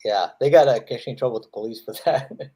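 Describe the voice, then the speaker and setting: Chatting casually with friends, a comic-artist host spins meandering anecdotes and acts out what people said. He goes very fast, his medium-pitched voice mellow with a breathy edge.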